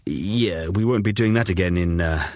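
A man from the UK, co-hosting a podcast, telling stories in an animated way and laughing often. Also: deep voice, normal speed, dry recording, clean studio sound. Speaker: podcast co-host. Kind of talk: casual chat.

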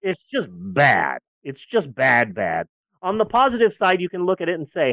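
A podcast co-host in casual movie-review chat who is sarcastic and profane, swinging from loud outbursts to low grumbles. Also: very animated, moderate pace, no echo.

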